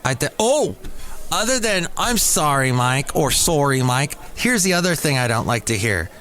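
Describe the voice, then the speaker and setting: A man hosting a casual solo podcast, rambling and exasperated, now and then mimicking other people in a high squeaky voice. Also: very animated, normal speed, a bit bright. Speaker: podcast host. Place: cafe.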